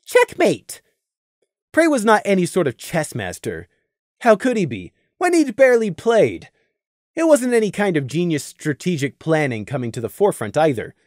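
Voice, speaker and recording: A narrator reading a fan audiobook with expressive storytelling on a close mic. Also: medium pitch, moderate pace, no room sound.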